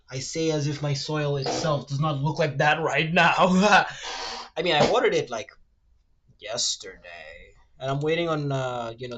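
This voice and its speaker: A man streaming casually while he draws, rambling and ranting, swearing freely and reading web answers aloud in a quick mumble. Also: a bit bright, lo-fi sound. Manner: rambling, ranty, swears freely, fillers like "low-key" and "like"; reads web search results aloud in a rushed mumble. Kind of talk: casual livestream chat while drawing.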